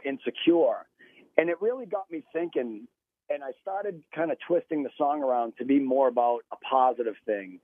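A man calling in as a guest on a radio show, telling stories in a chatty, animated way. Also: medium pitch, no room sound. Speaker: guest musician. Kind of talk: phone interview. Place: radio phone-in. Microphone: phone line. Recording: tinny phone line.

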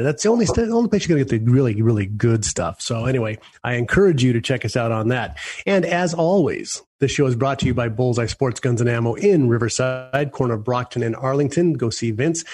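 Husky-voiced opinionated radio host. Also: male voice, mid-range voice, darkish tone. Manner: blunt, opinionated, jokey. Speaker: radio talk show host. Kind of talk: radio talk show chat.

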